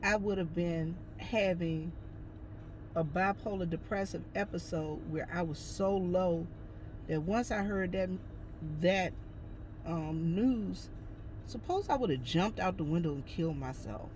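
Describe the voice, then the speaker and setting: A woman's voice: fairly low pitch, unhurried, slight background noise. A woman telling a personal story in a casual, chatty way, talking straight to her viewers. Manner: chatty, addresses viewers as y'all, lively retelling. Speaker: vlogger.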